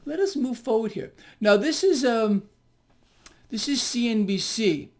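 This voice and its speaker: A man's voice: very high voice, expressive, measured pace. A man giving solo financial commentary in a mocking, sarcastic tone, often breaking into exclamations.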